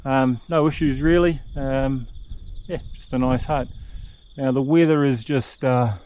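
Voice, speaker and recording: An older man, chatting casually as he films his solo hike on an action camera, relaxed and rambling with many fillers. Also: medium pitch, measured pace, lo-fi sound. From New Zealand. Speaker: solo hiker vlogger. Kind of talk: casual outdoor vlog narration. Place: backcountry hut and deck outdoors.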